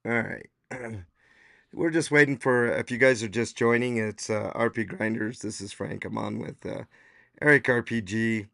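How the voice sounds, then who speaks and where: A man with a low, gravelly voice hosts a casual podcast stream, audibly hoarse as if his voice is going. He rambles loosely, leaning on fillers. The sound is dry and close, with no room around it. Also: steady tone, normal speed, pushed and bright, dry recording. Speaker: podcast host. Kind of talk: casual livestream chat.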